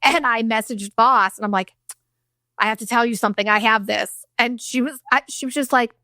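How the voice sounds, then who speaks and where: A woman in her thirties tells a personal story bluntly on her own podcast, swearing and acting out quotes. Her voice is on the high side, pushed and bright, with fairly even intonation at normal speed. The studio-quality sound has no room echo.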